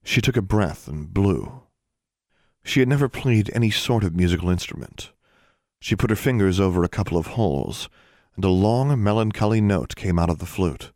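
A man narrates an audiobook in a steady, measured way, his voice sitting very low. The recording is dry and close, with no room sound. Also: no echo.

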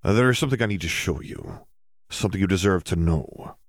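A man voicing an old male wizard headmaster who speaks in a measured, formal way. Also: deep voice, no echo, studio quality. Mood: grave.

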